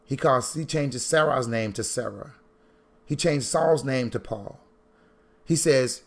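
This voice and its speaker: A man giving a sermon-style talk on money, preacherly and animated, repeating lines for emphasis and swinging from low asides to loud bursts. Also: slow. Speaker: Christian financial teacher.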